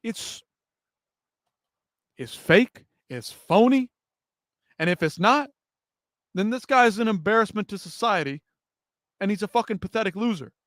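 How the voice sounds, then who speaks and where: A man's voice: high voice, lively intonation, a little slow, pauses often, fairly bright tone, dry recording, clean studio sound. A man hosting a live fight-news stream, ranting and swearing in heated commentary. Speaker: MMA news show host.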